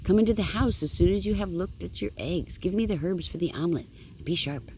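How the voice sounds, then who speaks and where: Grandmother voicing a sly, polite fox gentleman. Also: lowish voice, a little fast, a little hiss or hum, close to an everyday voice. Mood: abrupt. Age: older. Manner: courteous, smooth-talking.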